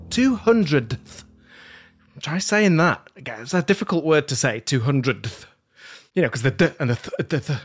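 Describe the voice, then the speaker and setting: A man hosting a podcast game show in a playful, jokey way. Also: medium pitch. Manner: playful, jokey, self-mocking.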